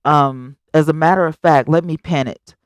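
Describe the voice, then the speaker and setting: Talking at normal speed, a woman hosts a live stream where she casually chats with viewers and reads their comments out loud. Chatty and emphatic, she speaks straight to them and her voice jumps high on exclamations. The recording is dry and studio quality.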